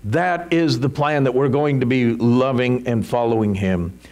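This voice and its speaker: A man preaching a sermon as pastor, emphatic and animated, full of rhetorical questions. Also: medium pitch, measured pace.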